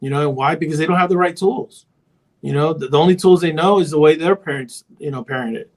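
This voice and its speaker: A man's voice: a little high, fast. A man who works as a therapist and parent coach, chatting casually on a podcast and telling stories with a lot of filler phrases. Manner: rambling storyteller, heavy on filler phrases.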